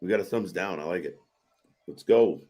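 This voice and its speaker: A man hosting a live wrestling watch-party stream, giving excitable, profane reaction commentary. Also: low voice, normal speed. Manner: excitable and profane, swearing often.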